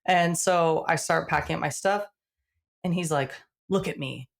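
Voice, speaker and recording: A woman recounting a personal story as a podcast guest, her voice low in pitch with a gravelly fry at the ends of her phrases. She speaks casually and animatedly, with plenty of "like"s, and briefly acts out the dialogue as she goes. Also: a little slow. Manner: frequent "like" fillers.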